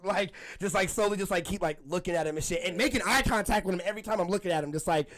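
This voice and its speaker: A man's voice: high-pitched, rapid-fire, fairly bright tone. A young man telling a story in casual podcast chat, rambling with lots of fillers and frequent laughter.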